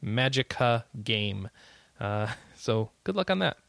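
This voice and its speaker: A man's voice: mid-range voice, very animated, takes it slowly, creaky, fairly bright tone, clean tone, no room sound. A man co-hosting a podcast, chatting casually through game news with frequent fillers and easy laughter. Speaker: podcast co-host.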